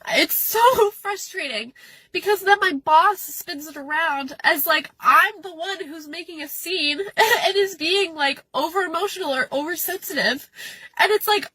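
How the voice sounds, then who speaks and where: Bright, high young woman venting tearfully. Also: no room sound. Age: young adult. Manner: tearful, upset, rapid venting. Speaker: person venting in a posted video. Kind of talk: emotional personal venting. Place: outdoors at a beach.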